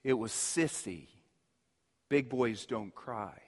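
A man preaching a sermon as pastor, impassioned, swinging from loud emphasis to hushed, near-whispered lines. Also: medium pitch, lively intonation, slow, husky. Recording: long hall reverb.

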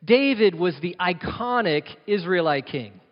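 A man's voice: high voice, animated, unhurried. Man preaching a sermon in a hall. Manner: rhetorical questions, emphatic repetition. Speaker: pastor. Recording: dull sound with long reverb of a hall.

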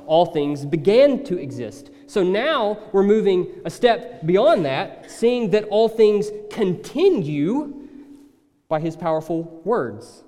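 A man preaching a sermon in a conversational, animated way, slipping into acted asides. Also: fairly high pitch, big-room sound. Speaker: pastor.

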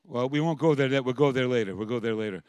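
A man preaching a sermon as pastor, moving from quiet, reflective passages to loud, impassioned calls. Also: medium pitch, fast, clean tone, no echo.

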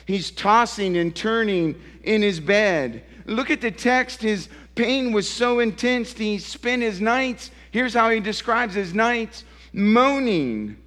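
A man preaches from the pulpit in a high voice, taking his time and pausing for effect between emphatic, repeated phrases. The sound rings with the long reverb of a large church sanctuary. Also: fairly bright tone. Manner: slow, emphatic preaching with dramatic pauses. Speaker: pastor. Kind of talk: sermon.

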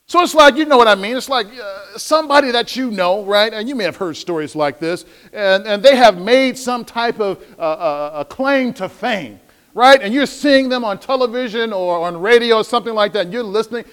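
Male pastor, sermon delivery, very high voice, dramatic quoted asides. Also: lively intonation, fairly quick.

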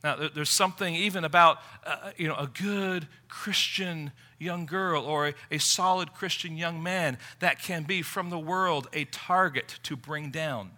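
A man preaching a sermon, emphatic, moving from quiet reflection to forceful appeals. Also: a little high, a little slow, hardly any pauses.

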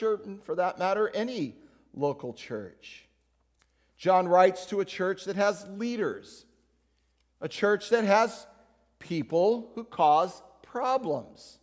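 A man with a notably high voice preaches a sermon to his congregation. He keeps it conversational, teasing and calling out people in the pews. His words ring out with a long reverb in the church sanctuary. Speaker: pastor.

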